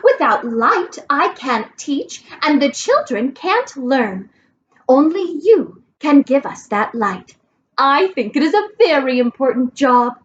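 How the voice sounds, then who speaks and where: A woman voicing a firm, matter-of-fact schoolteacher in a storybook read-aloud, speaking deliberately. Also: high voice, big pitch swings, muffled recording, a little hiss or hum, full character voice.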